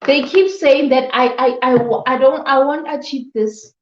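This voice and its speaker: A woman motivational vlogger speaks to her viewers, repeating phrases for emphasis and breaking into scolding exclamations. Her high-pitched voice is fairly even at a moderate pace, recorded in an echoey room with dull lo-fi sound and slight hiss or hum.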